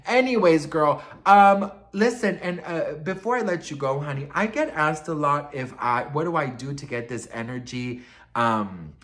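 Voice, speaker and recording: A man's voice: on the high side, lively intonation, normal speed, a bit bright. A man vlogging celebrity gossip in a sassy, dramatic way, calling his viewers best friend and girl, swearing freely and oversharing. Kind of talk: animated celebrity gossip chat.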